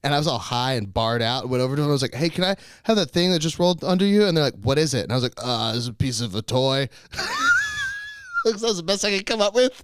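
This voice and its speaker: Animated, laughing man telling stories. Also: mid-range voice, fast talker, clear, resonant tone, no echo, clean studio sound. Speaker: podcast co-host, comedian. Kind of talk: casual storytelling chat.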